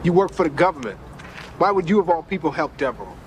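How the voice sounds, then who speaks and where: Hot-tempered detective yelling, street noise behind. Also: male voice, a little high, very animated, fast. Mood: furious. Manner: shouting, confrontational. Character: angry male city detective, tough and impatient. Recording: film soundtrack with street noise.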